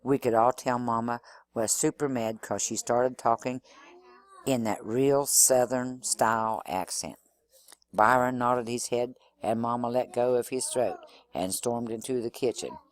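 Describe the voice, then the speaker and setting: A man reading a novel aloud in an expressive first-person storytelling manner. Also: medium pitch, measured pace. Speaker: reader.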